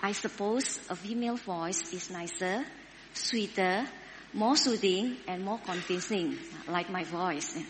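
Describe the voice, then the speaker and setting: A woman preaching a sermon, speaking slowly and deliberately and putting questions to her listeners. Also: medium pitch, in a large hall, a little hiss or hum. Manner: slow, deliberate, asks the audience questions.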